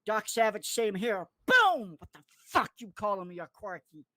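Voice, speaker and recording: A man in a furious, profanity-laden livestream rant, cursing, threatening and mocking people in a squeaky put-on voice. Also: normal speed, pushed and bright, dry recording. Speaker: online commentator.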